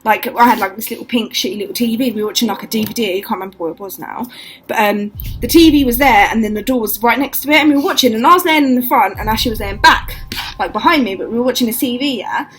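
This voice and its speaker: A woman's voice: a little high, quick pace, slight background noise, low-quality recording. A young woman telling ghost stories to camera in casual, swear-filled chat, acting out what people said. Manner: swears a lot, acts out quotes, animated.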